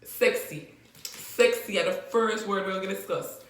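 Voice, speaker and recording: A woman's voice: medium pitch, steady tone, moderate pace, a bit bright. Echoey Jamaican woman teaching. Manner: playful, laughs often, repeats phrases. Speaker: language teacher vlogger. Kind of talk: casual vlog lesson. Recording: very echoey room.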